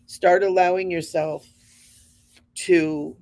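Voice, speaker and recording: A woman's voice: fairly low pitch, fairly even intonation, slow pace, mellow. A woman in her fifties hosting a spiritual show, talking to her audience in an earnest, encouraging, conversational way. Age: 50s.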